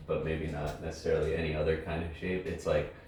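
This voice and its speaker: A man's voice: extremely low pitch, level tone, fast, darkish tone. A man who judges dog trials, talking casually and rambling a little, swearing freely. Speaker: trial judge and decoy trainer. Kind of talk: casual chat. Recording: roomy echo, distant mic, faint noise.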